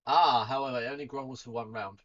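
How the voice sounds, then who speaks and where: A man's voice: medium pitch, steady tone, quick pace, a crowd in the background. A man narrating a tabletop game as game master, chatty and laughing often. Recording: dull lo-fi sound.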